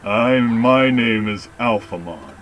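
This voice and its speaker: A grave, ancient knight creature voiced by a man reading a game aloud speaks in slow, measured, formal sentences. Each word is weighed and deliberate. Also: mid-range voice, a bit bright, slight background noise. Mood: solemn.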